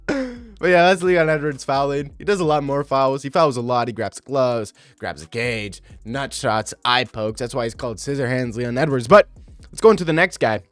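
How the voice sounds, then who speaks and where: A young man in his twenties giving casual, animated and mocking commentary over fight replays. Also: mid-range voice, moderate pace, no echo, soft background music. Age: 20s. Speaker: video commentator.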